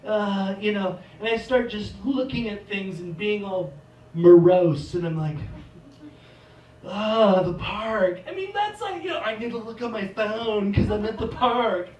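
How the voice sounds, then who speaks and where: A man doing a stand-up comedy set on a theater stage, rambling and self-deprecating, with sudden loud outbursts. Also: sits high, expressive, moderate pace. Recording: echoey theater, mic from a distance.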